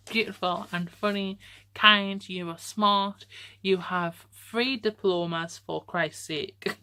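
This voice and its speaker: Slow, low-voiced young woman reading aloud. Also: bright, forceful tone. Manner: reads aloud and comments, laughing often. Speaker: vlogger reading a letter to herself. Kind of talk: casual reflective reading aloud.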